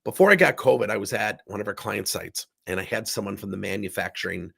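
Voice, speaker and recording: A man's voice: fairly low pitch, quick pace, gravelly, fairly bright tone, breathy edge. A man coaching in a recorded workshop talk, sick with a strained voice, speaking in an emphatic, candid way while seated indoors. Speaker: business coach.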